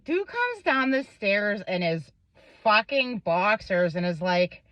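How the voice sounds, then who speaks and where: A woman's voice: mid-range voice, big pitch swings, slow, fairly bright tone, no room sound. A young woman vlogger telling a personal story, rambling, swearing often and stumbling over her words. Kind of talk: emotional storytelling to camera. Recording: dull lo-fi sound.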